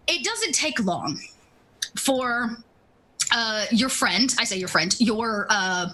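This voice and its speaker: A woman's voice: fairly high pitch, animated, slow, long pauses, bright, forceful tone, low-quality recording. A woman narrating as game master of a tabletop role-playing game, rambling with many ums and asides.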